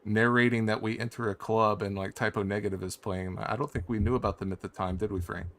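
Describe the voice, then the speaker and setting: Lowish-voiced guy rambling excitedly on a video call, tons of "like". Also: fast talker. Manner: loose and animated, heavy on fillers. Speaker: guest game designer. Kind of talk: casual chat. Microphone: video call mic.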